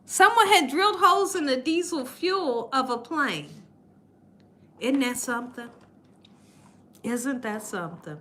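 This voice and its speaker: Bright high-voiced woman telling stories. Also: unhurried, pauses often. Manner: animated, laughs often while telling stories. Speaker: cooking channel host. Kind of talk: live-stream storytelling chat.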